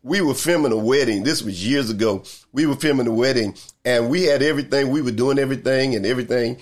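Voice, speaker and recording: An older man preaching a sermon as pastor, repeating key lines with emphasis and slow, drawn-out pauses. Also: mid-range voice.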